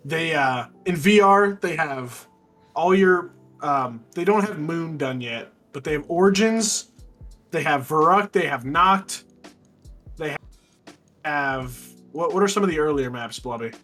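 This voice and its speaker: A man with a high-pitched voice telling rambling, self-deprecating gaming stories in casual chat. He laughs at himself as he talks. Faint background music is heard. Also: animated, measured pace, a bit bright.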